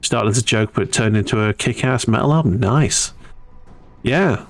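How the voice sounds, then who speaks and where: A man's voice: mid-range voice, moderate pace. A man hosting a hobby painting stream in casual chat, stumbling and repeating words and laughing easily.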